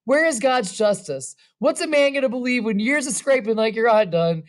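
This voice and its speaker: A woman's voice: animated, normal speed, close to an everyday voice. A woman doing a cracked-voiced old father. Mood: distraught. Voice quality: cracked, high and strained.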